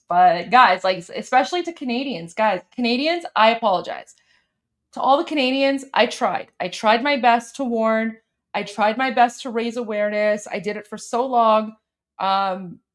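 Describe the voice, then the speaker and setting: Woman host from Iran; high, heated, repetitive rant delivery. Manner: impassioned, repetitive, insulting. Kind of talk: live-stream political rant.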